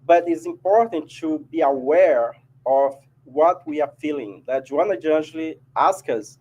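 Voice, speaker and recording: A man's voice: a little high, darkish tone, breathy edge, low-quality recording. A man with a Brazilian Portuguese accent giving a casual spiritual talk to an audience, often adding "right?". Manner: chatty, keeps asking "right?". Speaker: spiritist speaker. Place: meeting hall of a spiritist society.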